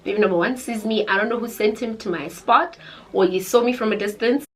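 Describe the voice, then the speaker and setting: Animated South African woman telling a story. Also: mid-range voice, a little fast, poor audio. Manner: animated, dramatic, code-switching into Zulu. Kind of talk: casual storytime chat.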